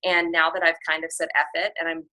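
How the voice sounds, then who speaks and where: A young woman chatting on a team call in a bright, forceful voice set fairly low. She talks candidly and sarcastically, full of fillers and quick laughs. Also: flat delivery. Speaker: fitness coach. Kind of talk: casual chat on a team call.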